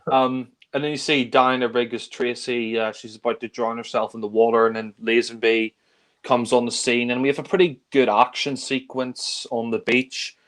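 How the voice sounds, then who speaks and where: In a casual chat among friends, a male co-host rambles easygoingly and enthusiastically about films. His mid-pitched voice is a bit bright, with a flat delivery at normal speed.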